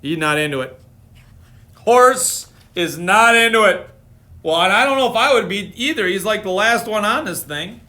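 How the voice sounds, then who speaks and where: A man's voice: high voice, animated, normal speed, pushed and bright. A man reading a picture book aloud on a live stream, playful, with chatty asides to his viewers. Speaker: storytime reader.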